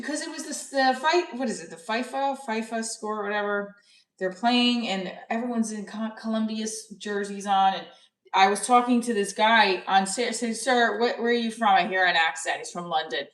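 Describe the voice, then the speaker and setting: A woman's voice: medium pitch, a bit bright, far from the mic. Chatty woman comedian, echoey and off-mic. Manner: chatty, rambling, self-interrupting. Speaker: stand-up comedian. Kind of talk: casual live-stream chat.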